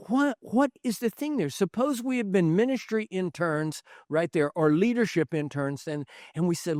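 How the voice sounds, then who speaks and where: Animated man preaching a leadership sermon. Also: high-pitched, normal speed, hardly any pauses, no echo, clean studio sound. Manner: animated storyteller, acts out quoted voices, chuckles. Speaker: pastor speaking on leadership. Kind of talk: conference sermon.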